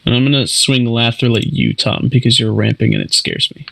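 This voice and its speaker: Relaxed man narrating his card plays. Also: mid-range voice, brisk, creaky, crowd noise, low-quality recording. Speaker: card game player. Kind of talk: casual chat among friends.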